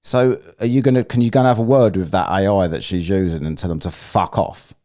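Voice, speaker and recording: A man's voice: sits low, brisk, warm tone. A man hosting a live stream, chatting casually and crudely, with frequent swearing and jokey banter.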